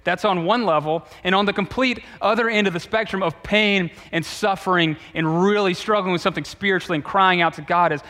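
A man, a youth pastor, giving a sermon in a conversational way, with relaxed asides and restarts. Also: high voice, fairly quick, few pauses. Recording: long reverb of a large hall.

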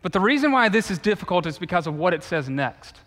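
A man, a youth pastor, giving a sermon in a conversational way, with relaxed asides and restarts. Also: high voice, fast talker. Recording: long reverb of a large hall.

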